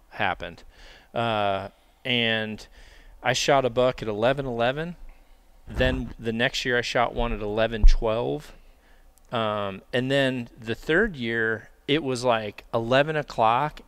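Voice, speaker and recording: A man's voice: mid-range voice, measured pace, smooth, no echo. A man telling a bowhunting story in casual chat, acting out the dialogue and laughing as he goes. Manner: animated, acts out dialogue, laughs while telling. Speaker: podcast guest, bowhunter.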